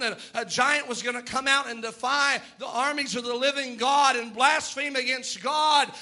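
Bright high-voiced preacher man. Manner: impassioned, rising to shouts; plays out quoted voices in his telling. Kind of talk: sermon.

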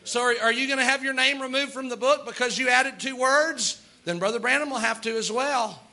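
A man preaching a sermon as pastor, earnest, with quick asides and little laughs. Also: very high-pitched, sharp tone.

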